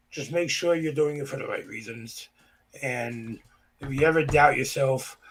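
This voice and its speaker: A man co-hosting a reaction channel, speaking in a plain, direct, heartfelt way. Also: fairly high pitch. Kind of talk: casual heartfelt talk.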